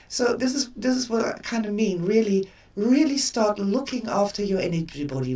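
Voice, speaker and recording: An older woman hosting a live stream, telling stories in an expressive way and repeating words for emphasis. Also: medium pitch, recorded from a distance. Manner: expressive storyteller with emphatic repetition. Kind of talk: casual spoken talk.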